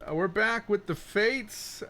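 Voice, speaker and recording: A man's voice: sits high, takes it slowly, bright, forceful tone. A man casually opening a tabletop game stream as game master, chatty, laughing and swearing a little. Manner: laid-back, laughing, swearing, chatty drawl.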